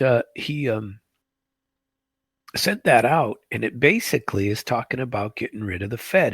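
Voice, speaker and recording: Middle-aged male host, low gravelly voice, rambling commentary, dry close sound. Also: no room sound. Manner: rambling, full of restarts and asides. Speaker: show host. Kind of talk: casual political commentary.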